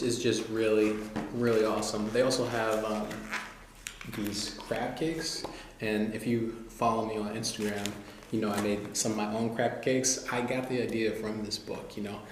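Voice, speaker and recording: A man talking casually to the camera as a vlogger, relaxed and loose, with lots of "you know" and "like". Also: mid-range voice. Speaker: vlogger reviewing cookbooks. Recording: very echoey room, faint noise.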